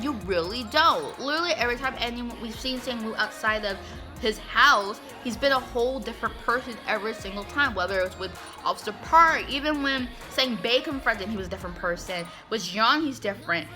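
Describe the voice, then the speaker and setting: Host, woman, casual sarcastic recapper, clear music bed underneath. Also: a little high. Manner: sarcastic, chatty, lots of "like".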